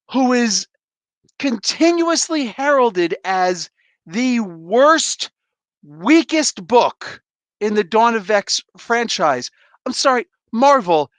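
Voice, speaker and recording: A man's voice: high voice, fairly bright tone, dry recording. A man hosting a live comic book review, ranting in an exasperated, blunt way, swearing casually and calling out viewers in chat. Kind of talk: heated live review rant.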